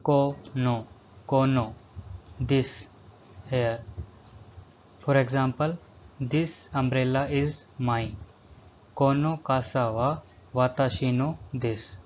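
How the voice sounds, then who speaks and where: Very slow man drilling vocabulary. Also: mid-range voice, steady tone, a little mellow. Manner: says each word twice, then the English. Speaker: language teacher. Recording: slightly dull lo-fi recording, faint background hum.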